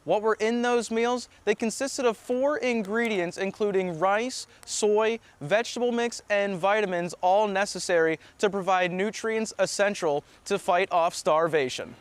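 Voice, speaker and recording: A man reporting on location in front of a church, explaining clearly. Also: high-pitched, unhurried, hardly any pauses. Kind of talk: on-location stand-up.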